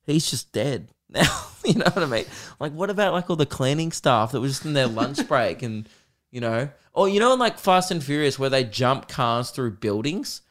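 A man's voice: medium pitch, lively intonation, moderate pace, fairly bright tone. A young man hosting a comedy podcast, ranting with self-mocking humor and lots of swearing. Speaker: podcast host. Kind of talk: casual comedic rant.

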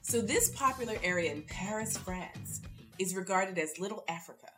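A woman's voice: medium pitch, lively intonation, moderate pace, over music. A woman hosting a quiz podcast, chatting and reading trivia answers to her guest. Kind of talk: podcast interview.

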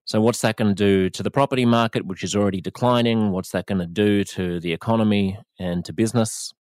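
A man's voice: lowish voice, a little mellow, no room sound, clean studio sound. A man with an Australian accent, a radio host giving earnest, reflective commentary. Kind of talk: spoken commentary.

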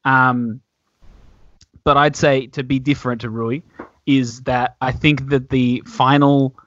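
A man in a casual podcast chat, animated and joking, swearing casually. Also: mid-range voice, slow pace, no room sound. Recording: dull, lo-fi, dry sound.

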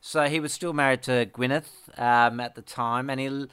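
A middle-aged man with a smooth, resonant voice, talking in a dry, close-up sound. He rambles through his stories and keeps restarting his sentences. He laughs easily as he chats. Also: mid-range voice, fairly even intonation, moderate pace, fairly bright tone, dry recording. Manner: rambling storyteller, laughs often, many restarts. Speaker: podcast co-host, musician. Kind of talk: casual chat.

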